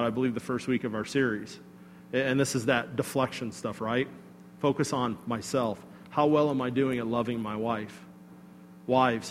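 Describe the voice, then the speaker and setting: A man preaching a sermon, telling a personal story in a conversational, animated way with asides to the congregation. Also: medium pitch, in a large hall, a little hiss or hum. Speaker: pastor.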